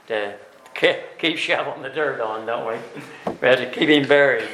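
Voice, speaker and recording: A man teaching a Bible class, speaking slowly and deliberately with many fillers and tag questions, and reading scripture aloud with emphasis. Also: medium pitch, a bit bright, roomy sound, a little hiss or hum, rough recording.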